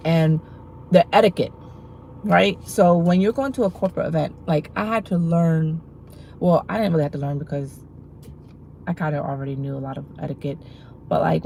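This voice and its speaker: Low, gravelly-voiced woman chatting casually. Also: mellow, a little hiss or hum, rough recording. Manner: rambling, filler-heavy talk with many restarts. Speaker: livestream host. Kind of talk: casual livestream chat to viewers.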